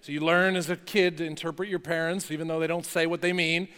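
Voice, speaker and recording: A male pastor from North New Jersey giving a conversational, lively sermon with playful asides in a church chapel. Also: fairly high pitch, fast, clean tone. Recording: long hall reverb.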